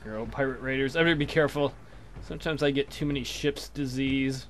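A young man commentates casually on a game he's playing, crude and joking as he trash-talks the enemy ships. His medium-pitched voice runs fast, with a little hiss or hum in the audio.

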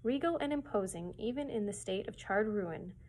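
A children's librarian reading a chapter book aloud in a clear, steady storytelling manner. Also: female voice, mid-range voice, moderate pace, a little hiss or hum, rough recording.

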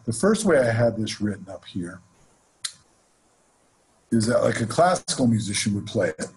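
A man teaching jazz improvisation in a relaxed, conversational way, counting off beats between demonstrations. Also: on the low side, normal speed, slightly rough, low-quality recording. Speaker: jazz music instructor. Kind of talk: explaining and demonstrating on instrument. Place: home studio, online session.

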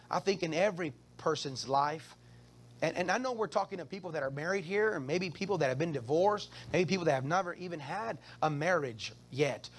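A male pastor preaching a sermon in church, calling out to the congregation and repeating words as he goes. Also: sits high. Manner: call-and-response preaching, stammering repeats.

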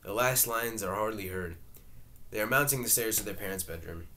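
Man reading stage directions, plain and unhurried, lower voice. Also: bright, forceful tone, a little hiss or hum. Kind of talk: reading a play aloud.

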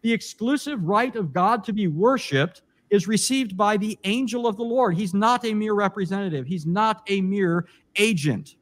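A man with a rather high voice delivers an emphatic debate rebuttal. He argues point by point, quotes scripture and Greek, and often restarts with fillers along the way. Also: moderate pace, hardly any pauses.

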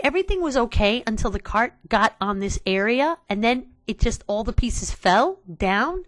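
A woman's voice: fairly high pitch, sing-song, normal speed, few pauses, no echo. Exasperated woman narrating gameplay. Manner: exasperated, sighing, talking to viewers. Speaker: gaming channel host. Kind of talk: casual let's play commentary.

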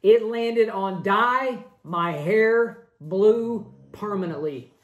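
A man chatting to camera in a casual vlog, full of excitable, dramatic exclamations. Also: sits high, very slow, narrow, tinny audio. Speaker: family vlogger. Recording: roomy echo with faint music.

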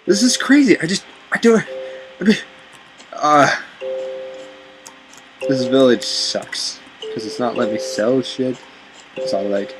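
Young male let's player, foul-mouthed and excitable, very animated delivery over game music. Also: mid-range voice, measured pace, low-quality recording. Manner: swearing, excitable, talks to game characters. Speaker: gamer. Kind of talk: let's play commentary.

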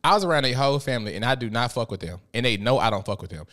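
Podcast host, male, mid-range voice; blunt, profane, animated storyteller. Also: mid-range voice, very fast. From Memphis, USA. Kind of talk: casual podcast monologue.

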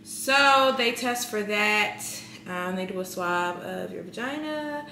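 A woman's voice: mid-range voice, animated, takes it slowly, creaky, reverberant, background noise. A young woman vlogging in a casual, rambling way, with a congested voice. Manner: chatty, rambling with many fillers. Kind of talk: casual vlog chat.

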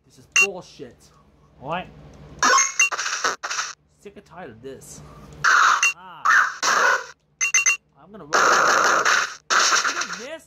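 A woman's voice: on the low side, big pitch swings, extremely slow, pauses often. A woman doing let's play commentary, swearing heavily and bickering as she plays. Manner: heavy swearing, ranting and bickering. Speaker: gaming video host. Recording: loud background noise.

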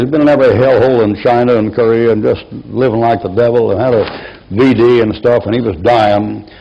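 A man's voice: mid-range voice, dull audio. A man in his seventies preaching a folksy sermon, telling rambling stories from his life. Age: 70s. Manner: rambling anecdotal storytelling.

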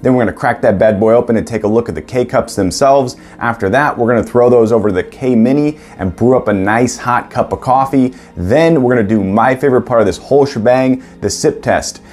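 A man's voice: mid-range voice, fairly quick, hardly any pauses, a little mellow. A man hosting a casual home vlog, reviewing coffee with upbeat enthusiasm and playful asides. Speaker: coffee reviewer and show host. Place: at home, indoors.

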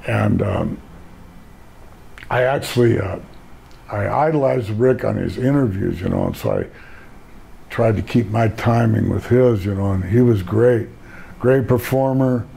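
A man's voice: fairly low pitch, unhurried, creaky, pauses often, warm tone, breathy edge. An older man, a retired pro wrestler, telling rambling laid-back stories in a casual interview and laughing at his own jokes.

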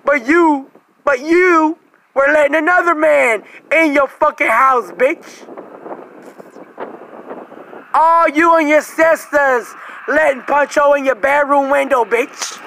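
A man delivering an aggressive, profane religious rant, cursing and mocking over and over, sometimes bursting into shouts. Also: extremely high pitch, slow pace, long pauses, slight background noise, rough recording.

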